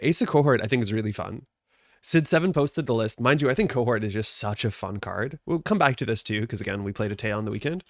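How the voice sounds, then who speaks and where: A man's voice: medium pitch, no room sound, studio quality. A man hosting a live card game stream, chatting casually and greeting viewers by name, a little stuffed up from allergies.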